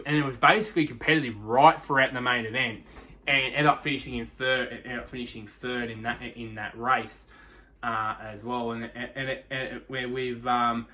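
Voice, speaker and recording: A young man talks through a race review off the cuff. His tone is bright and forward, and he stumbles over his words often, restarting phrases and leaning on fillers as he goes. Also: mid-range voice. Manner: rambling, many restarts and fillers. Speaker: motorsport review host. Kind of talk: casual unscripted race recap.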